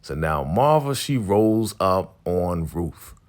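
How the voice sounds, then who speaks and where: Laid-back lowish male recap host. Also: slow pace. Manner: animated retelling with slang and asides. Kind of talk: casual TV episode recap.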